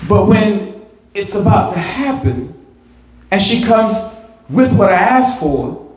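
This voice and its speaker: A man with a high-pitched voice preaching in a church sanctuary. He is animated, repeating his words as he builds emphasis, and the voice rings out through a roomy, echoing space. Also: slow pace. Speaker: pastor. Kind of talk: sermon.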